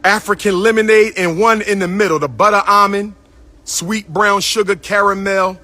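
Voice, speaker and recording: Playful high-voiced man riffing on a livestream. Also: fairly even intonation, moderate pace, pushed and bright, no room sound. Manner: playful, repetitive, sing-song calling out to viewers. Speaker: livestream host. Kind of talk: casual livestream talk to viewers. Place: indoors at his school building.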